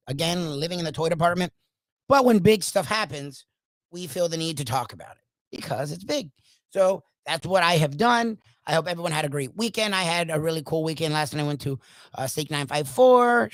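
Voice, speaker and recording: Hoarse, emphatic sports talk host. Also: male voice, fairly high pitch, no room sound, low-quality recording. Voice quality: animated, emphatic, ranting. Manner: opinionated, swings between loud bursts and quiet asides. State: hoarse from coaching. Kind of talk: solo monologue on a talk show.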